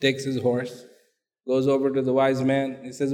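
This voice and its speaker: A man preaching, telling a story and asking the audience animated questions, in a hall with long reverb. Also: mid-range voice, normal speed. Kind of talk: sermon storytelling.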